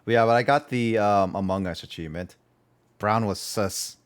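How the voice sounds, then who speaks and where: Low-voiced man chatting on a game stream. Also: moderate pace, smooth. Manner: rambling, repeats words, playful. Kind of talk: casual gaming livestream chat.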